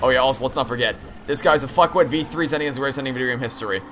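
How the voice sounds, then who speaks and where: A man's voice: medium pitch, racing, fairly bright tone, a little hiss or hum. A young man streaming a game, rambling candidly with frequent restarts and profanity. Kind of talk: live-stream chat while gaming.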